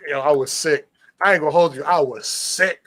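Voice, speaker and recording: A man hosting a casual stream chat, telling stories in an excitable, profane way. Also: on the high side, moderate pace.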